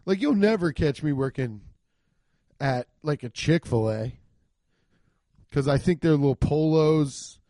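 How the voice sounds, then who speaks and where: Fairly high-pitched and measured, with long pauses, this podcast host tells funny, foul-mouthed stories and animatedly acts out quotes in silly voices. The recording is dry and studio quality.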